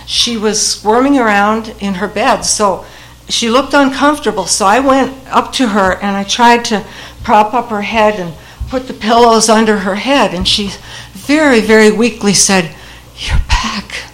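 A woman's voice: medium pitch, normal speed, poor audio. An older woman telling a personal family story in a wry, humorous way, laughing at the funny moments as she goes.

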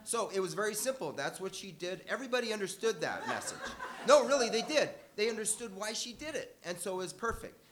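A man's voice: high voice, sing-song, a little fast, a crowd in the background. An older man telling a personal story live to an audience, conversational and wry, correcting himself as he goes.

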